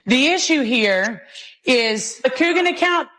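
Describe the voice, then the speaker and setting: A woman's voice: sits high, animated, unhurried, a bit bright. A woman on a reality show in a heated family argument, confrontational and insistent. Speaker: reality show cast member.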